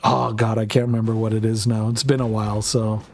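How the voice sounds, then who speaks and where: Casual swearing streamer. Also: male voice, on the low side, flat delivery, fairly quick, a little hiss or hum. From North America. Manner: rambling, laughing, swearing freely. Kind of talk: casual chat while streaming.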